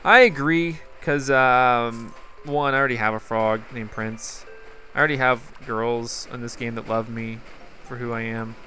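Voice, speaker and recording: A man's voice: medium pitch, fairly even intonation, measured pace, sharp tone, slight background noise. A man giving casual, rambling gameplay commentary and talking straight to his viewers. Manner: rambling, chatty, talks to viewers. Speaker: gaming YouTuber.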